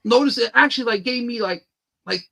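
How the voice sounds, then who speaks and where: A man's voice: very high voice, brisk, gravelly, fairly bright tone, rough recording. A man who creates his own comic books, telling stories eagerly in a casual podcast chat and rambling with lots of fillers. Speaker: independent comic book creator, guest.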